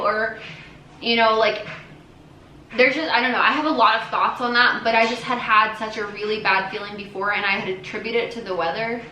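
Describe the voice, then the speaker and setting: A woman's voice: a little high, steady tone, moderate pace, bright, forceful tone, slight background noise. A young woman vlogger telling a personal story to her viewers in a casual, earnest way, full of fillers and restarts. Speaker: family vlogger. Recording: echoey room with faint ambience.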